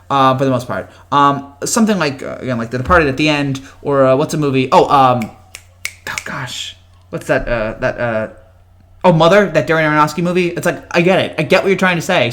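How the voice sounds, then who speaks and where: A man hosting a casual live chat from home, answering viewer comments in a rambling way, with frequent restarts and chuckles, and keeping his voice down. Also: fairly high pitch. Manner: talks quietly to avoid waking family. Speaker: host.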